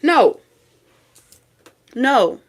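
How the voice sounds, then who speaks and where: A woman's voice: high-pitched, big pitch swings, very slow. A woman giving a tarot reading, talking in a blunt, profane, scolding way with lots of repetition. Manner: blunt, profane, scolding street talk with sudden laughs and singing. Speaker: tarot reader.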